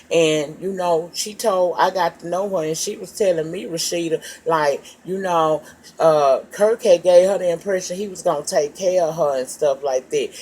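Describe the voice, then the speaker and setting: A woman recapping a reality show episode in a casual, gossipy way, swearing freely and calling her listeners child and baby. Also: fairly low pitch. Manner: profane, animated storytelling, calls listeners child and baby.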